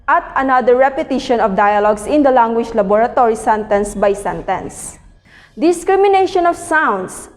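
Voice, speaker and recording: A woman reading a textbook aloud as a lecture, in a careful, measured way with the odd slip. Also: high voice, darkish tone, in a large hall. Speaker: teacher presenting a reading.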